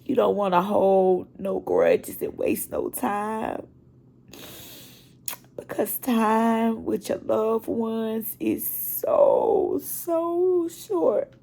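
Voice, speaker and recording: Slow gravelly-voiced middle-aged woman vlogging. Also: on the high side, sing-song, dark tone. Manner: heartfelt, talking straight to viewers. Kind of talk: personal video diary. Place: at home.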